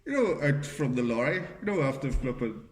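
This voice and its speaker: A middle-aged man rambles through a story on a casual podcast, full of fillers and the odd swear word. His voice sits in an ordinary middle pitch. The room around him rings with a noticeable echo. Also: very animated, fairly quick. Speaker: podcast co-host. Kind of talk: casual chat, anecdote telling. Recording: roomy echoey room.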